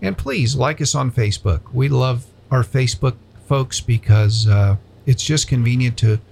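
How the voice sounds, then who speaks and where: A man's voice: mid-range voice, moderate pace, gravelly, darkish tone, slight background noise. A man hosting a casual Christian radio show from a studio, joking and sincere by turns.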